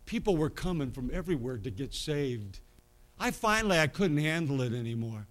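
A man preaching a sermon, telling a personal story and swinging from quiet asides to loud, emphatic bursts. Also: a little high, sing-song, normal speed.

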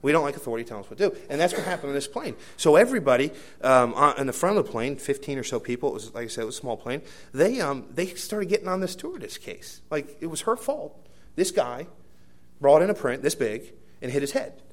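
A man's voice: mid-range voice, very animated, fast talker. Rambling male preacher telling a story. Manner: rambling anecdotal delivery with many fillers and restarts; swings between hushed asides and loud emphatic bursts. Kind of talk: sermon storytelling.

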